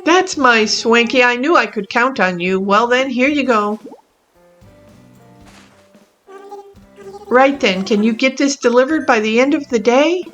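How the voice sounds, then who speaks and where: A woman's voice: a little high, moderate pace, a bit bright, muffled recording, faint music behind, lightly acted. Woman putting on a sweet, prim animal villager. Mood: pleased. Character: chic, fashion-loving female animal villager.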